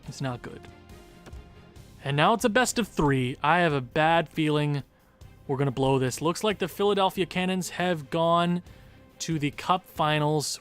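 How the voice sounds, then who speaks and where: A man commentating his own hockey video game stream live, groaning and cheering at each goal, his voice wearing out. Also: fairly high pitch. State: losing his voice. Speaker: gaming streamer.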